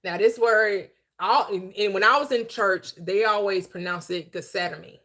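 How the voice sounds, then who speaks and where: A woman hosting a livestreamed Bible teaching, preaching in an emphatic, conversational way, slowing down to stress key phrases and chatting with viewers in between. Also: medium pitch, fairly bright tone. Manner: chatty asides to viewers, quick laughs.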